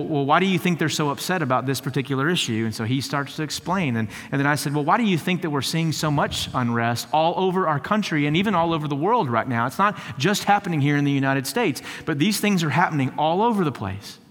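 A lead teaching pastor delivers a sermon in a conversational, storytelling style that builds to fervent emphasis, repeating words frequently. His voice is on the high side, expressive and fairly bright, and he talks fast with few pauses. The recording carries a long hall reverb.

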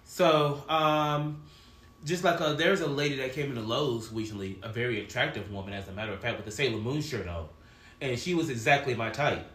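A man's voice: medium pitch, a little fast, fairly bright tone. A man in his forties hosting a podcast, chatting casually and rambling through stories, often laughing as he talks. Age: 40s. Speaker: podcast host. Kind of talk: casual chat. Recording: echoey room.

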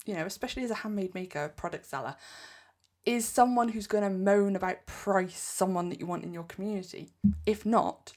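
A woman with an English accent hosting a solo podcast, giving direct, emphatic business advice. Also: mid-range voice. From England. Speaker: podcast host.

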